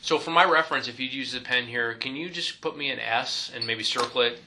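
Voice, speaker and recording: A man questions an officer step by step in a formal interview, checking details carefully with fillers and quick apologies. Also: mid-range voice, noisy background. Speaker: investigator conducting the interview.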